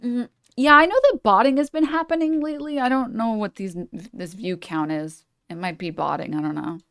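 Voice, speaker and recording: A female streamer reacts to a clip in a casual, biting tone. She is bluntly sarcastic and swears freely, with a slightly high voice and dry, close sound. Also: fairly quick, a bit bright, dry recording.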